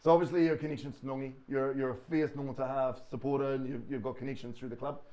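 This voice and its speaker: A man's voice: medium pitch, flat delivery, warm tone, muffled recording. A New Zealand man co-hosting a casual podcast, asking the guest questions. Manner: fast talker with many fillers and restarts. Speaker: podcast co-host. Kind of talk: casual chat.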